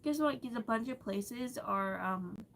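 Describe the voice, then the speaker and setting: A woman's voice: fairly high pitch, a little slow, gravelly, fairly bright tone, a little hiss or hum, low-quality recording. A young adult woman ranting casually to camera, rambling and swearing freely. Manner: profane, rambling, exasperated. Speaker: vlogger.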